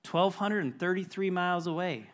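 A man's voice: sits high, normal speed, fairly bright tone. A middle-aged man preaching a sermon as a pastor, telling a personal story in an earnest way and building to emphatic preaching.

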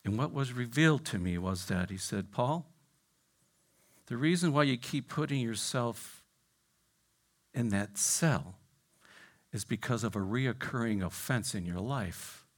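A male pastor preaching a sermon, swinging from loud exclamations down to hushed near-whispers and checking in with "right?" and "I mean". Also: medium pitch, expressive, measured pace, long pauses. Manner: repeats "right?" and "I mean" to engage listeners.

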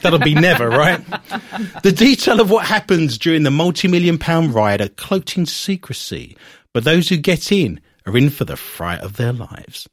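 A man's voice: fairly high pitch, big pitch swings, moderate pace, no echo, studio quality. A man from Britain co-hosting a casual chat, reading news aloud and cutting in with sarcastic, mocking asides. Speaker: podcast co-host.

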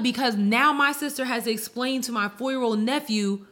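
A woman's voice: on the high side, moderate pace, pushed and bright. A woman co-hosting a podcast in casual chat, talking in an exasperated, emphatic way and repeating herself. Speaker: podcast co-host.

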